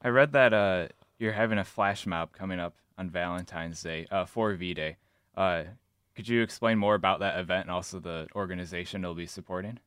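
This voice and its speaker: A man's voice: sits low, fairly quick, fairly bright tone, clean tone, dry recording, clean studio sound. A young man hosting a radio interview show, polite and a little scripted, with some "uh" fillers. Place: radio studio.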